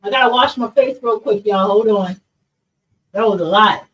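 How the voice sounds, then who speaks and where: A woman's voice: medium pitch, moderate pace, recorded from a distance, poor audio. A woman hosting a livestream podcast, talking bluntly and passionately to her viewers, swearing and calling them y'all. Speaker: podcast host. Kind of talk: livestream monologue to chat.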